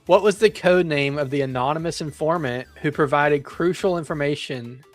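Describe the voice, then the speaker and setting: A man's voice: on the high side, moderate pace, no echo, soft background music. A man hosting a casual podcast quiz over a call, teasing the players between questions. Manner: joking, teasing. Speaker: quiz host.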